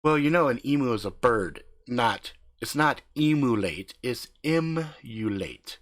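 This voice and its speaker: A man voicing a calm, prim wife who speaks softly and patiently, scolding her partner gently in an improvised comic story. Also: medium pitch, moderate pace, pitched below the performer's own voice, natural voice. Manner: soft-spoken, patient, chiding.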